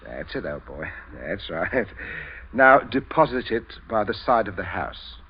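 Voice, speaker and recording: An actor playing a polite, murderous middle-aged father who chuckles with calm menace, in 1940s radio drama acting. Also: lowish voice, a little slow, husky, heavily acted. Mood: menacing. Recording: dull, faintly hissy old radio broadcast.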